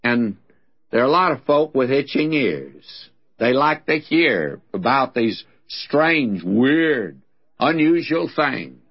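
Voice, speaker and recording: Folksy Southern preacher on lo-fi radio. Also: male voice, mid-range voice, big pitch swings, slow pace, husky. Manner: folksy storytelling preacher, plain-spoken. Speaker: radio Bible teacher. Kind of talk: radio sermon. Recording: dull lo-fi radio broadcast recording.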